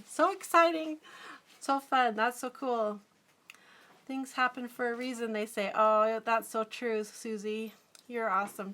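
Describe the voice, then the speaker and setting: Woman, middle-aged, slightly high voice, giggly, chatty live-stream artist. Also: pushed and bright. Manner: chatty and giggly, reads and answers viewer comments. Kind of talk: casual live-stream chat while drawing.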